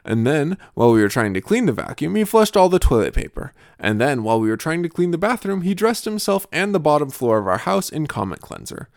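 A young adult man and podcast host telling absurd stories and family anecdotes in a dry, deadpan comic style. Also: a little high, brisk, creaky, few pauses, no echo.

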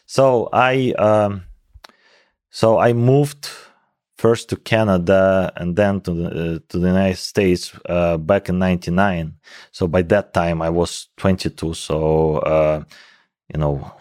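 A Russian scientist in his forties, heavily accented, is a guest in a casual interview, using many fillers and restarts. His low voice has fairly even intonation, a slow pace, and a darkish tone, recorded echo-free at studio quality.

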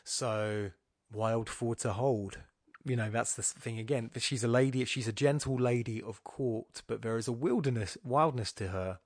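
A man's voice: mid-range voice, moderate pace, hardly any pauses, dry recording, clean studio sound. A man giving an informal, rambling talk that explains a sonnet, often correcting himself as he thinks aloud. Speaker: poetry podcast host. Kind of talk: informal spoken lecture on a sonnet.

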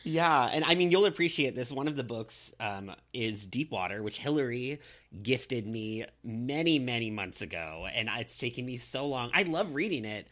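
Sex: man. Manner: lively, playful podcast talker. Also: medium pitch, normal speed. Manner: playful, lively storyteller who laughs between phrases. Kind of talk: casual chat.

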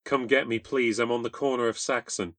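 A man's voice: mid-range voice, steady tone, fairly quick, fairly bright tone, no echo, pitched above the performer's own voice, close to an everyday voice. A man voicing an upset young woman who has been crying, pleading down a phone line. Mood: tearful, pleading.

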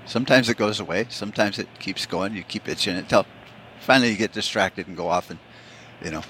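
A man's voice: fairly low pitch, fairly quick, bright, forceful tone, a little hiss or hum. A middle-aged man hosting a podcast, telling rambling, profane stories in a casual monologue and slipping into quoted voices. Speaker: podcast host.

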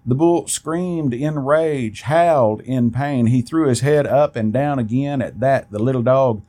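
A man reading a first-person story aloud in a plain, steady way, with an occasional restart. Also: medium pitch, measured pace.

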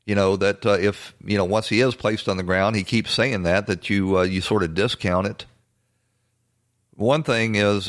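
Hosting a political commentary show, a man with a fairly low voice talks bluntly and assertively. His speech is halting, full of fillers and restarts.

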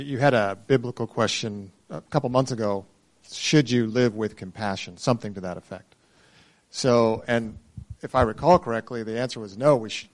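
A man asking his pastor a question and earnestly reasoning through his own view. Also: medium pitch. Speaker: congregation member asking a question. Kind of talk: casual discussion.

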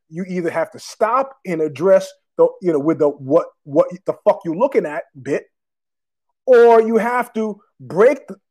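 A man hosting his own show, telling a street story in a casual, profane monologue and acting out the other people's lines. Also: high-pitched. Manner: profane, animated, acts out street exchanges in quoted voices. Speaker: podcast host.

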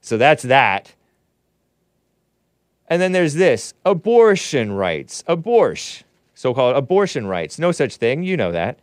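A man's voice: medium pitch, big pitch swings, slow pace, no room sound, clean studio sound. A man hosting his own commentary show, reading news aloud and scoffing at it with sarcastic asides. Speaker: host. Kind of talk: opinionated commentary show monologue.

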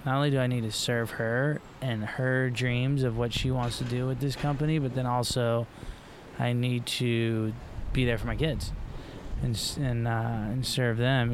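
A man's voice: medium pitch, slight background noise. A middle-aged man from Florida, a pro surfer guest, talking in a loose, rambling way with lots of fillers and restarts. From Florida, USA. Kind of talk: casual podcast conversation.

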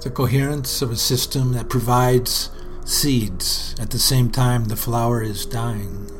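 A man giving a hushed, contemplative literary reading, with faint music behind him. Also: medium pitch, fairly even intonation. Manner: slow, hushed, contemplative delivery. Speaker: essay reader.

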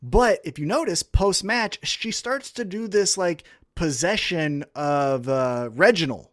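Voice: mid-range voice, expressive, a little slow, no room sound. This is a podcast co-host in full rant, cursing and exasperated, voice swinging up and down with real animation. The sound is close and dry, with no room around it. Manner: heated, profane ranting.

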